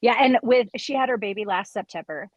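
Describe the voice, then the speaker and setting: A woman who works as a midwife, chatting on a podcast and telling stories in an animated way, acting out what people said. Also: on the high side, brisk, no echo, highs cut off. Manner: animated storyteller, quotes people in lively voices. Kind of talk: casual chat.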